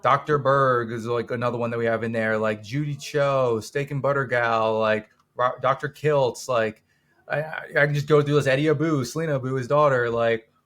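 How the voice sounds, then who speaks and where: A man's voice: mid-range voice, fairly even intonation, normal speed, fairly bright tone. A young man, the guest on a podcast, talking casually and rambling with many fillers and restarts. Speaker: documentary co-producer, guest. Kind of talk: casual interview chat.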